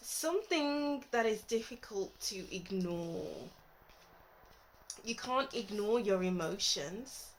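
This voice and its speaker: A woman's voice: mid-range voice, expressive, slow pace, slight background noise, poor audio. A woman giving a casual tarot reading, thinking aloud and musing as she lays out cards. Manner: thinking aloud, musing, trailing off mid-thought. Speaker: tarot reader.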